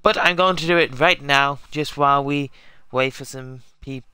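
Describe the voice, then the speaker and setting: A man's voice: mid-range voice, moderate pace, sharp tone, clear, resonant tone, no echo. A man casually chatting to his viewers as he sets up a live game stream, rambling and correcting himself as he goes.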